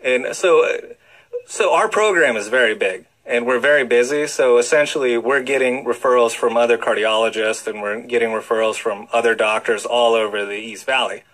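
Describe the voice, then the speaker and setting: A man's voice: medium pitch, normal speed, a bit bright, poor audio. A man, a heart doctor, talking enthusiastically as a guest on a radio interview, full of fillers and restarts. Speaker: cardiologist guest.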